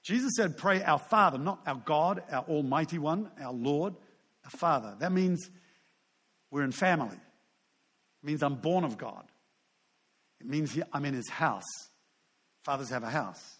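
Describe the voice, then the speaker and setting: A man's voice: on the high side, expressive, unhurried, pauses often, fairly bright tone, slightly rough. A man in his sixties, a pastor preaching a sermon in a loose, conversational way, full of asides and self-deprecating humor.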